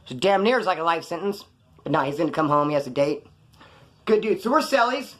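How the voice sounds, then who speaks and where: A man's voice: a little high, expressive, a little fast, fairly bright tone. A man telling stories in casual, slangy street talk. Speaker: storyteller recounting prison life. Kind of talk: casual spoken storytelling.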